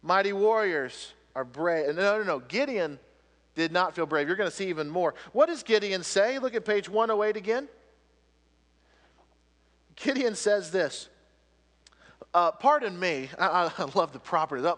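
A man preaching a sermon as pastor, swinging between loud emphatic lines and hushed ones. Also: high voice, expressive, moderate pace, long pauses. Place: church sanctuary. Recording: long reverb of a church hall.

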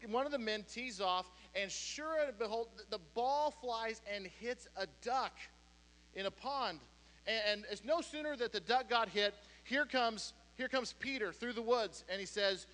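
A male pastor delivers a sermon and eases in with a loosely told joke, full of restarts and small chuckles. His voice sits high and bright. Long reverb from a large church hall surrounds his words. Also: moderate pace. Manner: casual storytelling with frequent restarts and chuckles.

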